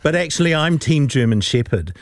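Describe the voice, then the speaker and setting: A man's voice: a little high, lively intonation, brisk, no echo, clean studio sound. A New man chatting as a panelist on live radio, playful and joking.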